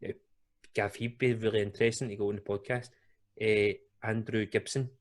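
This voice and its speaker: A man's voice: fairly low pitch, level tone, brisk. A man with a Glaswegian Scottish accent hosting a podcast. He tells a story in a chatty, colloquial way and laughs often. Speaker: podcast host. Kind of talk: casual podcast chat, storytelling.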